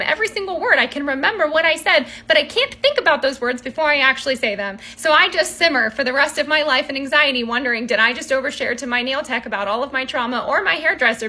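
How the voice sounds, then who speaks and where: Fast-talking animated woman vlogger. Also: high-pitched. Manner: animated, rambling, exasperated. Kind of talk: storytime monologue to camera.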